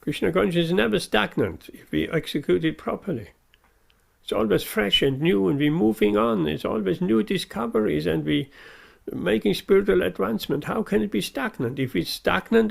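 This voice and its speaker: A man's voice: high-pitched, normal speed, vocal fry. A man giving a devotional sermon, earnest and emphatic, repeating his key phrases. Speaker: preacher.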